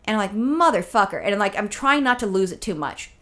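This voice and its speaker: A woman's voice: mid-range voice, expressive, quick pace, pushed and bright. A woman telling a long exasperated story in casual chat, swearing often and acting out both sides of the exchange. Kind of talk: casual chat, ranting anecdote.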